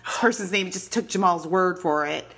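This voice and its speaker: A woman's voice: on the low side, brisk, fairly bright tone, breathy edge. A woman co-hosting a casual movie recap, sarcastic, with laughing asides. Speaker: podcast co-host.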